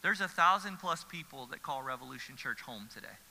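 Bright-voiced pastor preaching. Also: male voice, mid-range voice, expressive, a little fast, vocal fry. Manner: earnest, emphatic repetition. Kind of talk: sermon. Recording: church hall reverb.

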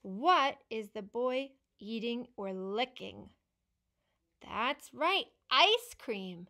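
Woman speech therapist, slow and encouraging, fairly high voice, picture book lesson for kids. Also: expressive, sharp tone. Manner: slow, encouraging, asks questions and praises. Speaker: speech-language pathologist.

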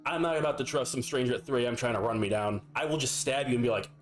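Young male streamer, mid-pitched, loose profane storyteller over quiet game music. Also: quick pace. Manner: profane, rambling, filler-heavy. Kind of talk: casual storytelling while gaming.

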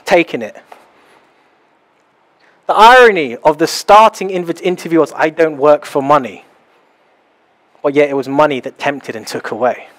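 Young male pastor, lively storytelling preacher, slightly high voice, small house church. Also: normal speed, long pauses. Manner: animated, acts out little scenes. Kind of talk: sermon.

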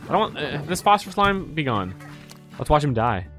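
Young guy yelling and cursing at his game, high lively voice jumping all over, bit of music behind. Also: normal speed. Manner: excitable, swears, shrieks with delight. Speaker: gaming streamer. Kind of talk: excited gameplay commentary.

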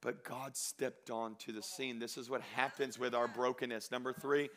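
A male pastor preaching a sermon, who swings between loud exhortation and quiet scripture reading and acts out the voices he quotes. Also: medium pitch, flat delivery, normal speed.

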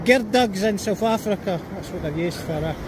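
A man's voice: sits high, normal speed, crowd noise, noisy background. A Scottish man vlogging outdoors while walking his dog, blunt and sweary, giving commands. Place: outdoors on a seafront by a road.

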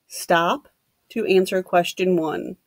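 A woman teacher reading a novel aloud to students, steady and plain, stopping to give brief instructions. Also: lowish voice, a little slow, no echo, studio quality.

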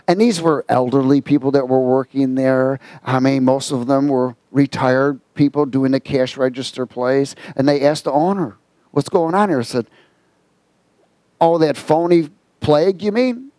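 A man preaching a sermon, telling stories with lively quoted voices and reading scripture aloud. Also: medium pitch, normal speed, no room sound. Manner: animated storytelling with quoted voices. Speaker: pastor.

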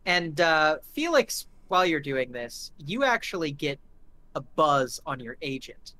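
A man's voice: on the high side, sing-song, measured pace, bright, forceful tone. A man narrating a live tabletop game as game master, rambling with lots of fillers.

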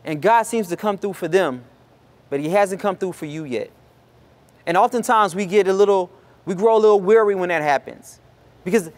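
A man's voice: high-pitched, moderate pace. A man preaching a sermon, casual and conversational, acting out the people in the story. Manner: acts out Bible characters in lively voices. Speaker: pastor.

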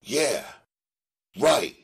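A man's voice: medium pitch, sing-song, extremely slow, creaky, slightly rough, voice pushed up, heavily acted. A man reading a young gang leader who brushes off his girlfriend, curt and dismissive.

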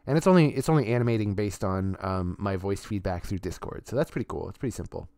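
A man chats live from his home streaming setup in a slightly low voice that sounds dry and close. He rambles, restarts his sentences and fills pauses with ums. His swearing is offhand and relaxed. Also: dry recording. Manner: rambling, with many fillers and restarts. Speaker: streamer and artist. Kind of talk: casual live-stream chat.

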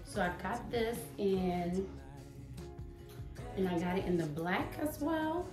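Slow and with big pitch swings, a woman's mid-range voice carries a casual try-on haul. Playful and a little breathless, she pumps herself up, sitting far from the mic in an echoey room with soft music.

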